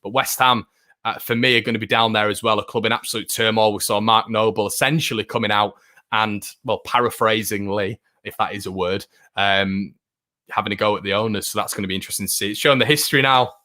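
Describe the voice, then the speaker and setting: A man's voice: fairly low pitch, fast talker. A young man hosting a live football watchalong stream, chatting casually and reading out viewer comments with lots of fillers and restarts. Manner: chatty, filler-heavy, frequent restarts, excitable fan.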